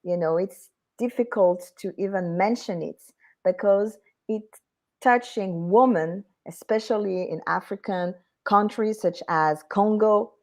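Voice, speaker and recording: A woman's voice: mid-range voice, a little slow, a little mellow. A woman with a French accent, a native French speaker, speaking as an interview guest and executive coach in an earnest, explanatory way. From France.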